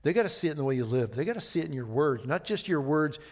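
A pastor with a slightly high voice delivers an expository sermon in an expressive, rapid-fire manner. He reads scripture with dramatic emphasis, then drops into easy, conversational comments, his voice ringing through a large church hall with a long reverb tail.

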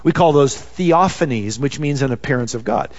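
A man's voice: mid-range voice, moderate pace. A man preaching a sermon in a conversational way, peppered with "you know.". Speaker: pastor. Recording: dull sound with long reverb.

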